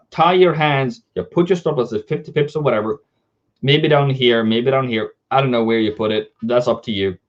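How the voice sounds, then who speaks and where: A male forex trading host with a mid-pitched voice rambles casually and animatedly through charts in a live market analysis chat. He's chatty, interrupts himself, and reads viewer comments aloud, all on slightly dull lo-fi stream audio.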